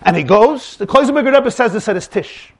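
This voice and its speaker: A man's voice: high-pitched, expressive, fairly quick. A man giving a dramatic religious lecture, acting out dialogues with rising emphasis. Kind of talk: animated Torah lecture with acted dialogue.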